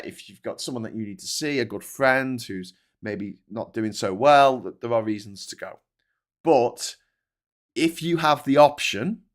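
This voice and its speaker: A British man hosting a live stream, chatting casually and rambling, with lots of restarts and asides. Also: mid-range voice. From Britain. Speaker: host of a live stream show.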